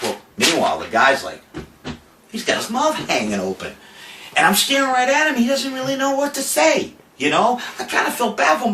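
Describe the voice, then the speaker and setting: A man's voice: very high voice, big pitch swings, brisk, bright, forceful tone. Brief: older man spinning a brash, profane yarn, off-mic in an echoey room with faint hiss. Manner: boastful, profane, theatrical retelling. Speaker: cannabis activist giving a farewell video. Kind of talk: animated storytelling to an audience. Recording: roomy, distant mic, faint noise.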